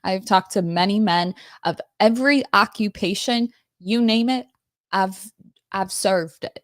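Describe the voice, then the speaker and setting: A woman's voice: medium pitch, measured pace, no echo, clean studio sound. A woman hosting a livestream in a casual, blunt and profane rant, breaking into frequent laughs. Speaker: host.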